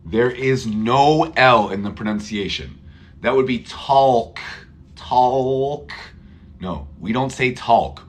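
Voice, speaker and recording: A man teaching English pronunciation in a live online class, who repeats words slowly for Spanish-speaking learners. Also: fairly low pitch, animated, a bit bright.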